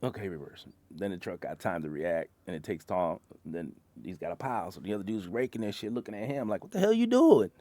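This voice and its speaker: A man's voice: low voice, brisk, hardly any pauses, a little mellow. A man in casual bar talk, telling profane stories about his job as a concrete truck driver and acting out his coworkers.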